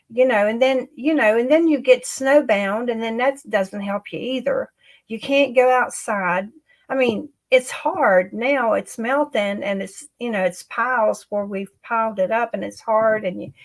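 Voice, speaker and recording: A woman, hosting an emotional personal livestream chat. She talks in a halting way, repeats herself and trails off. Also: mid-range voice, poor audio. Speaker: livestream host.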